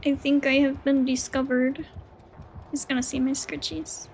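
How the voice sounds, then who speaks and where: A woman streaming a game live, chatting with teammates in an excitable way, swearing and squealing. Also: high-pitched, moderate pace, gravelly, slight background noise. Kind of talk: live gameplay chat with teammates.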